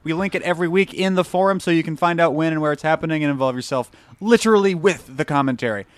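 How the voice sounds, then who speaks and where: A man's voice: fairly high pitch, no echo. A man hosting a podcast, rattling off the show's outro and plugs. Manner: quick, rattled-off promo reading. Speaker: podcast host. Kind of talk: casual podcast chat and outro.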